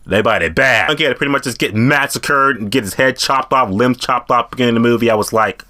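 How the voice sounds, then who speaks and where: A man excitedly retelling horror movie kills in a casual discussion, graphic and profane. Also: mid-range voice, a little fast.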